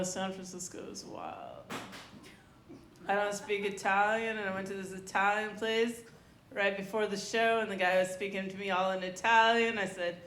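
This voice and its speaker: A woman's voice: mid-range voice, a bit bright. A woman at an open mic, telling stand-up stories in a chatty, rambling way and asking the crowd questions. Her voice sits in a middle range and carries through a roomy, echoey club. A faint hum of noise sits under her. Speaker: stand-up comedian. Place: comedy club stage.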